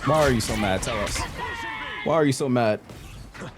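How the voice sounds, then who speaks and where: A man's voice: medium pitch, moderate pace. A young man casually chatting on a game live stream, joking and teasing a viewer, laughing often. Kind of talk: casual live-stream chat while gaming. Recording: game sounds and noise behind.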